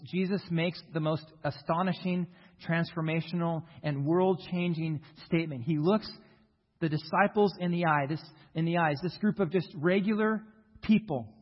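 An American man, a pastor, preaching a sermon earnestly and emphatically, leaning on key words, in a church sanctuary. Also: a little high. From United States. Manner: earnest, emphatic preaching with slow stressed phrases. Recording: reverberant hall, dull lo-fi sound.

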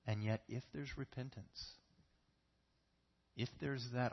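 A man's voice: medium pitch, steady tone, takes it slowly, creaky, long pauses, muffled recording. A man preaching a sermon in a church, earnest and repeating key phrases for emphasis. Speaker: pastor.

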